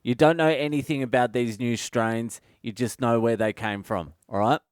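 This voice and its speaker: Comic, sweary sardonic monologue, smooth voice, dry close mic. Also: male voice, medium pitch, fairly even intonation, normal speed, no room sound. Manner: profane, ranting, sardonic. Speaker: comedian podcast host. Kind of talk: solo comedic monologue.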